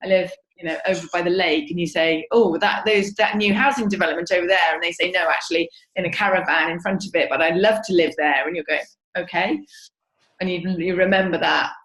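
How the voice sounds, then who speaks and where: A woman with a lowish voice speaking up on a group video call. Her mic picks up an echoey room. She talks in a relaxed way, walking through an example with quoted exchanges. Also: brisk. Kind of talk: casual chat on a video call.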